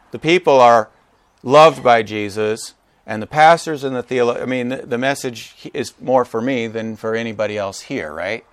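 A man preaching a sermon to his congregation. He is animated and joking, and acts out quotes with big jumps in pitch. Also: no room sound. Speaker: pastor. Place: church gathering with a live congregation.

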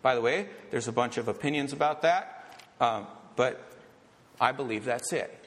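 A man preaching a sermon as a pastor, talking conversationally with rambling asides and getting excited as he goes. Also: medium pitch, normal speed, big-room sound, slight background noise.

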